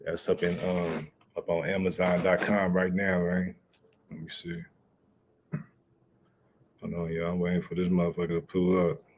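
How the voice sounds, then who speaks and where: Deep-voiced laid-back male livestream host. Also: level tone, moderate pace, long pauses, a little hiss or hum. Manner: laid-back, rambling, slangy. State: out of breath. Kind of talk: casual livestream chat.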